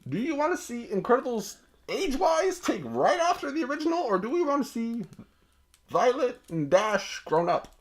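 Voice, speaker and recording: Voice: medium pitch, sing-song, normal speed. A podcast co-host in playful, teasing casual chat, laughing often.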